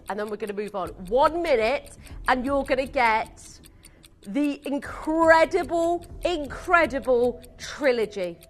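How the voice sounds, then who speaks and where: A woman presenting live on a shopping channel, gushing with excitement and rattling off buyers' names as she pitches.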